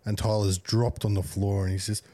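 A man's voice: on the low side, little pitch movement, normal speed. A young man co-hosting a podcast, telling a laughing, swearing anecdote in casual chat. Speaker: podcast co-host.

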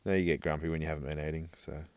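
A man's voice: very deep voice, steady tone, racing, clear, resonant tone, no echo. A man co-hosting a podcast outdoors at night, chatting in a laid-back, rambling way. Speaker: podcast co-host. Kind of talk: casual chat.

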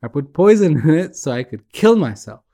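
A man's voice: on the high side, big pitch swings, moderate pace, dark tone. A man doing a despairing bar patron, rambling and pleading, everyday voice. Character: despairing man at a bar, pouring out his troubles.

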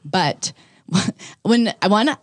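A woman comedian from New Jersey in casual podcast chat, telling stories rapidly and animatedly and swearing freely. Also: medium pitch, expressive, no echo. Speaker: comedian guest.

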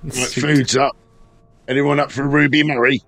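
A pushy man grumbles and swears in character at a tabletop game. His mid-pitched voice is gravelly, with a rough fry running through it. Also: flat delivery, moderate pace, fairly bright tone. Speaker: player. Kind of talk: casual in-character banter.

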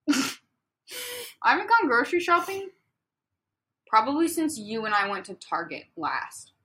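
Giggly young woman, high bright voice. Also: a little slow. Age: young adult. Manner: giggly, swearing, deadpan jokes. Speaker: podcast co-host. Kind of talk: casual chat. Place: dorm room. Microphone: laptop.

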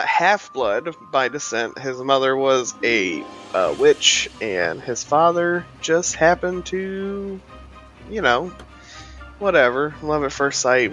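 A man's voice: medium pitch, sing-song, takes it slowly, sharp tone, soft background music. A man playing a tabletop game, chatting casually with lots of fillers and easy swearing. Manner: laid-back, swears casually, many fillers. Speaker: player.

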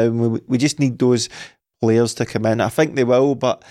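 A Scottish man co-hosting a football podcast, speaking in a measured, reflective way. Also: mid-range voice, fairly even intonation, warm tone. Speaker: podcast co-host. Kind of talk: casual football podcast chat.

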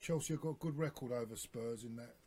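Brief: man, radio co-host, mid-pitch, grumbling, halting delivery. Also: warm tone, breathy edge. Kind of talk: casual sports radio chat.

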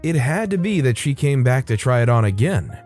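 Mellow-voiced man narrating a story. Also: mid-range voice, sing-song, brisk, faint music behind. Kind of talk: scripted narration of a reader story.

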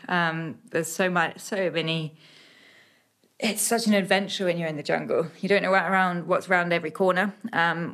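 British woman telling adventure stories. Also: lowish voice. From Britain. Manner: animated, many fillers and restarts. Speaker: adventurer guest. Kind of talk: storytelling in a podcast interview.

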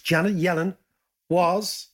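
A man hosting a podcast, chatting in a casual, jokey, animated way. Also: takes it slowly. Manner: animated, jokey, swoops up in pitch. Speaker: podcast host.

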